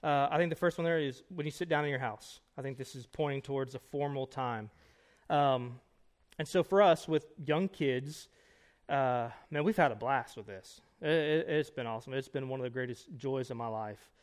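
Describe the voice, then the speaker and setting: A pastor in his thirties teaches a conference breakout session in a conference room, speaking casually yet emphatically. His medium-pitched delivery is packed with quick asides and rhetorical questions.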